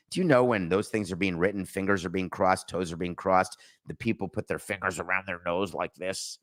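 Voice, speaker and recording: A middle-aged man with a lowish voice hosts a sports talk show in a loose, conversational way. He is sarcastic and animated, and he drops into mock voices to make his points. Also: moderate pace. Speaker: sports podcast host. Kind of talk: casual sports commentary.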